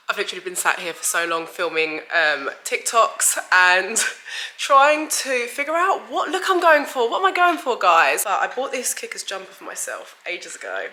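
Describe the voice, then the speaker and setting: A woman talks straight to camera from her home in a casual, effusive vlog style, dropping in lots of "like" and "guys". Her voice is bright and forward, and it sounds a little stuffy, as if she has a cold coming on. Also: medium pitch, very animated, moderate pace, low-quality recording. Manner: chatty and effusive, frequent "like" and "guys". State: slightly stuffy, bunged up. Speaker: beauty vlogger. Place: at home, indoors.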